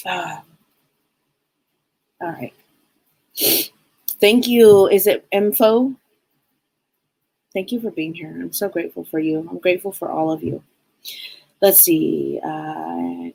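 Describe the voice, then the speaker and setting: A woman's voice: fairly low pitch, a little slow, gravelly, pauses often, darkish tone, husky, dry recording, rough recording. A woman hosting a live-stream psychic reading show, talking in a heartfelt, rambling way with many restarts.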